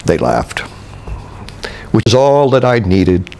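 An older man from Canada looks back on his years on stage. He speaks in a deep, gravelly voice, stopping and restarting his sentences and chuckling as he remembers. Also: sing-song, a little mellow, soft background music. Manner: halting, with many restarts and chuckles. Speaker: interviewee, veteran stage actor. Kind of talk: reminiscing interview.

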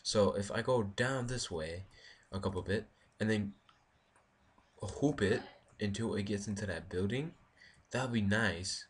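A man's voice: fairly low pitch, a little slow, slight background noise. A man giving casual let's-play commentary, rambling and thinking aloud as he builds, talking to his viewers. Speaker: gaming video creator.

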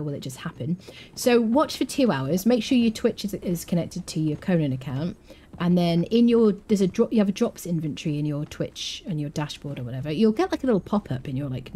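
Mellow, low-voiced woman streamer. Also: slight background noise. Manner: chatty, rambling, answers chat. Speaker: game streamer. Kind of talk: live gameplay stream chat.

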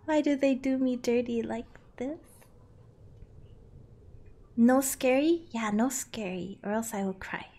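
A fairly high-voiced woman live-streaming a game from her home setup. She reads chat aloud and answers in a giggly, playful way. She yelps and grunts as she plays. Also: measured pace, pauses often, warm tone, soft background music. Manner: yelps and grunts while playing. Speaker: streamer playing a climbing game.

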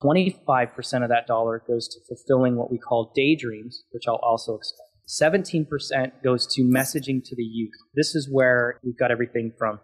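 Husky-voiced man, passionate podcast guest. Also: medium pitch, fairly even intonation, a little fast, hardly any pauses. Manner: passionate, emphatic, talks through his thoughts. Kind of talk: podcast interview answer.

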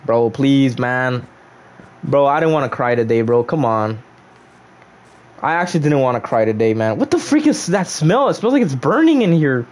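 A young man casually commentating his own game livestream, playful and animated as he jokes with viewers. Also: medium pitch, normal speed. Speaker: streamer.

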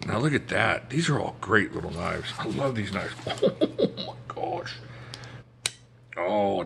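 A man's voice: fairly low pitch, pushed and bright, a little hiss or hum. A man casually showing his knife collection on camera, enthusiastic and jokey, chatting to himself as he handles each knife indoors at home. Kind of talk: casual show-and-tell talk to camera.

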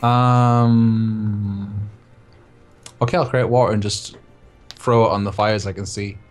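A man's voice: on the low side, fairly even intonation, takes it slowly, soft background music. Chatty man playing a tabletop game. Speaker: player. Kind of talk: casual tabletop game play.

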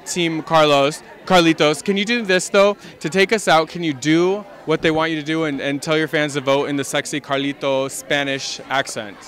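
A man's voice: on the high side, steady tone, normal speed, hardly any pauses, a bit bright. A male interviewer asking casual questions and passing on fans' greetings in a friendly, chatty way. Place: outdoors at a studio lot.

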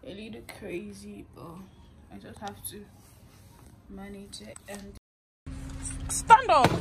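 A woman vlogging casually to camera from in and around her car, talking animatedly and venting her frustration aloud. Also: a little high. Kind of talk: casual vlog chat to camera. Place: in and around a car, outdoors on the street. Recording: loud street and traffic noise. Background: traffic and street ambience.

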